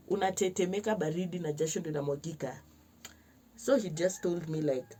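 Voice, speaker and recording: A young Kenyan woman telling a personal story to camera in a lively vlog, switching between slangy Swahili and English and acting out other people's lines. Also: fairly low pitch, brisk, husky. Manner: animated, mixes slang-heavy Swahili with English. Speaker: vlogger.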